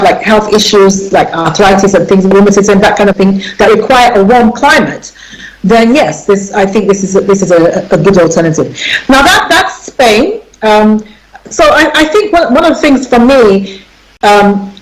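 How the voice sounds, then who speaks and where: A woman's voice: mid-range voice, rough recording. A middle-aged woman hosting a radio talk show, speaking emphatically and turning to her listeners directly.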